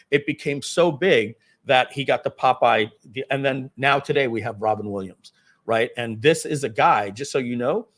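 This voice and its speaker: A man hosting a live online workshop, telling a rambling anecdote with lots of fillers. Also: mid-range voice. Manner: rambling, many fillers, acts out quotes. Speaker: webinar host. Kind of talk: casual storytelling.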